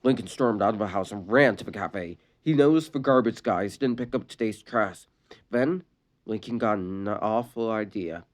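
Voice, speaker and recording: A storyteller reading a fan-written sad story aloud, expressive and stumbling on a few words. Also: mid-range voice, moderate pace.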